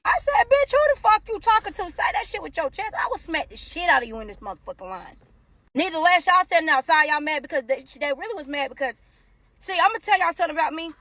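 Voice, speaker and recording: In a casual storytime vlog, a woman recounts a long personal story with plenty of profanity, swinging between low mumbles and loud outbursts.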